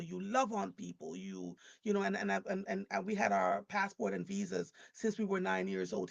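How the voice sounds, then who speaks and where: A middle-aged woman from Jamaica, hosting a live broadcast and telling personal stories in an animated way, acting out what people said and repeating points for emphasis. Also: medium pitch, vocal fry, breathy edge. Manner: animated storyteller who acts out quoted speech and repeats points for emphasis. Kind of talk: personal storytelling on a livestream.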